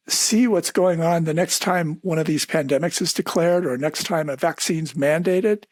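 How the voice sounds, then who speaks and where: Guest doctor guy, a bit husky and on the higher side, measured, dry sound. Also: dry recording. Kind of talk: conversational interview answers.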